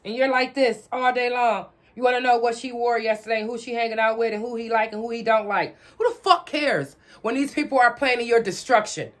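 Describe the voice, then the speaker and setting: A vlogger rants straight to her audience, blunt, profane and lecturing, repeating her questions for emphasis. Her voice is on the high side with a fairly bright tone.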